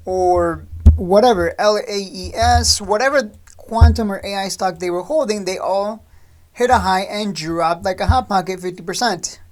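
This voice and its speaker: A woman's voice: mid-range voice, darkish tone. A woman hosting a stock trading channel, talking straight to the viewer in a blunt, scolding, sarcastic rant.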